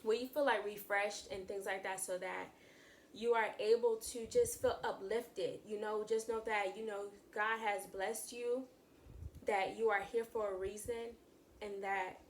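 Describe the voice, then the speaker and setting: Casual vlogger woman, mid pitch, faint room noise, talks in loose repeating phrases. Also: fairly even intonation, unhurried. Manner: chatty, repeats and restarts phrases, addresses viewers as y'all. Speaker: channel host sharing faith views. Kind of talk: casual talk to camera.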